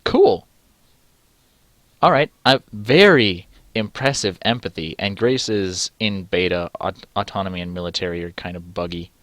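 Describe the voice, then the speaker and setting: A man's voice: low-pitched, unhurried, a bit bright, dry recording. A young man reading a choose-your-own-adventure game aloud and rambling through his choices, cutting himself off mid-sentence and swearing casually. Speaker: let's-play host.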